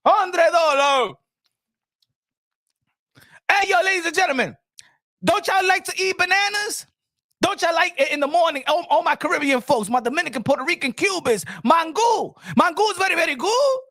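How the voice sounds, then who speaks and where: Ny guy hosting a boxing stream, super high voice, shouty and jokey, flips languages. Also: lively intonation, normal speed, no room sound, clean studio sound. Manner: loud, joking, switches between languages. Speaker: boxing show host. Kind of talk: livestream commentary reading super chats.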